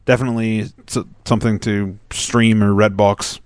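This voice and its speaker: Excitable cussing podcast host. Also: male voice, lowish voice, moderate pace, clear, resonant tone, dry recording. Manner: excitable, swears freely. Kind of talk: casual chat.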